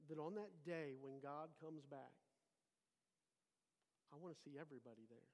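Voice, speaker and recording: Animated preacher in a reverberant church. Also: male voice. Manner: animated storyteller, rising loud for emphasis then dropping low. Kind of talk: sermon with storytelling. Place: church sanctuary. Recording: long hall reverb.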